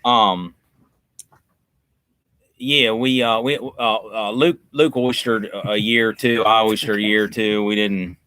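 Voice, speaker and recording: A man with a lowish, bright voice, chatting loosely and teasing on a livestream. The sound is dry and close, with no room around it. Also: steady tone, a little slow, smooth, no room sound. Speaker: co-host. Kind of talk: casual livestream chat.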